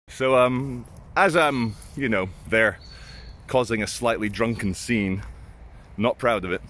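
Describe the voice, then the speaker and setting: A man's voice: mid-range voice, takes it slowly, a bit bright. A man telling blunt, self-mocking stories outdoors in casual vlog style and swearing freely. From Britain. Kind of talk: casual storytelling. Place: outdoors at sunrise.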